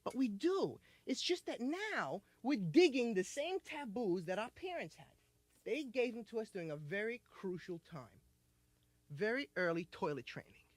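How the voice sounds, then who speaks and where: Rambling young stand-up comic, lively pitch. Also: male voice, normal speed, no echo. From United States. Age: 20s. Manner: rambling, riffing with many "you know"s. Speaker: stand-up comedian. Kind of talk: stand-up comedy. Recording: noisy vintage vinyl album.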